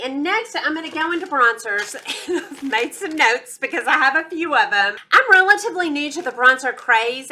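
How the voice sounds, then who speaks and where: A woman's voice: high-pitched, pushed and bright. A woman with a Texas accent giving a chatty, enthusiastic makeup review, calling her viewers y'all. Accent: Texan. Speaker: beauty vlogger. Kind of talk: casual product review.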